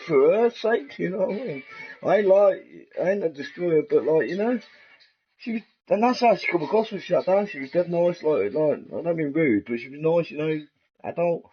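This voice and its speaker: A middle-aged man with an English accent rambles through a profane, jokey monologue, often laughing at his own lines. His voice is husky and sits a little high. The recording is dull and lo-fi. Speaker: vlogger.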